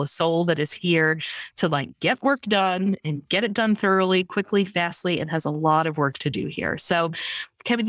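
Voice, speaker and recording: Woman podcast host, lowish voice, dry sound, encouraging, rambling questions. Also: fairly bright tone, dry recording. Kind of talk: interview questions.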